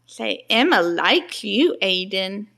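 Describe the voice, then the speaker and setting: A woman's voice: medium pitch, very animated, slow, creaky, pushed and bright. A mother talking to her small children in a home video, using coaxing, sing-song baby talk, asking simple questions and praising every answer.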